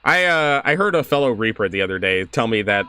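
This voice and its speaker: A man's voice: lowish voice, sing-song, a little fast, sharp tone, clean tone, no echo, faint music behind. A young man streaming a game, chatting casually, laughing often and reading on-screen text aloud.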